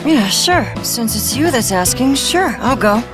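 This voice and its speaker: A woman's voice: fairly high pitch, expressive, a little slow, over music. A woman voicing Mikey as a carefree, cocky boy gang leader in an anime dub, speaking in an offhand way. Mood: breezy. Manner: easygoing, offhand.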